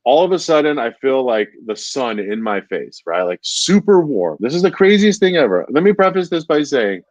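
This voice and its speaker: A man's voice: medium pitch, very animated, normal speed, no echo. A man, a stand-up comedian, telling a rambling story in casual chat, with plenty of "like" and "dude". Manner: rambling, says "dude" constantly, many fillers. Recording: dull lo-fi dry sound.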